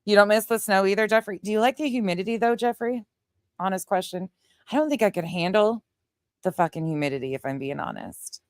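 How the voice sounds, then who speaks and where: Reading out viewer comments on her livestream, a middle-aged Southern US woman keeps things casual, laughing a lot and cursing now and then. She talks fairly quickly in a mid-range voice, captured in clean, dry studio sound.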